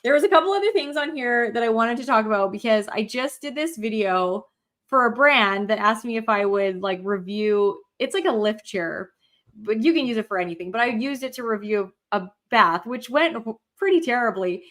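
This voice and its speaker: A woman's voice: a little high, expressive, normal speed, a bit bright. Frank, chatty woman co-host. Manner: frank and chatty, swears, heavy filler "like". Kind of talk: casual chat.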